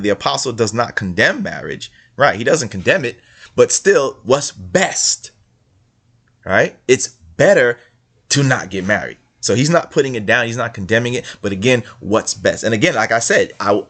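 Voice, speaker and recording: A man with a fairly low voice gives casual commentary on religious texts. He keeps repeating his main point and throws in questions like "right?". He reads passages aloud between his remarks. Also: a bit bright, slightly rough. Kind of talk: casual screen-share commentary.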